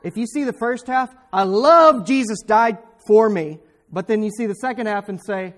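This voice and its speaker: A male preacher delivers a fervent sermon. He speaks directly to his listeners, and his voice rises into sharp, emphatic bursts on the points he stresses most. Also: sits high, normal speed, few pauses.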